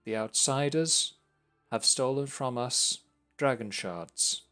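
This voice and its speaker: A man's voice: mid-range voice, takes it slowly, sharp tone, clear, resonant tone, faint music behind, pitched above the performer's own voice. A man voicing a regal female lizardfolk queen who speaks in a formal, proclaiming way. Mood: stern.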